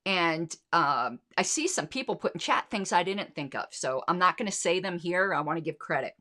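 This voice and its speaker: A woman's voice: on the low side, expressive, moderate pace, sharp tone. A woman hosting a casual livestream, talking through her notes with frequent restarts and fillers. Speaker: show host.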